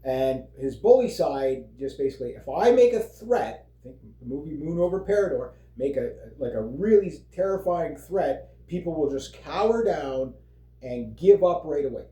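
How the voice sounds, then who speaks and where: A man's voice: fairly high pitch, lively intonation, normal speed, mellow. A man ranting casually on his vlog, rambling and swearing, with lots of fillers and frequent laughs. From Canada. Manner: rambling, profane, heavy fillers, laughs often. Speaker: vlogger. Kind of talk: casual political rant. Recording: roomy echo.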